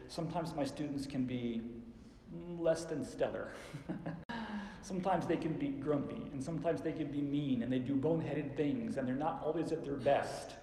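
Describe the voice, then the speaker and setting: A man preaching a sermon, slowing down and dropping his voice soft to stress key lines. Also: mid-range voice, slight background noise. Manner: slows down and drops soft for emphasis. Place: church sanctuary. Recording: echoey church hall.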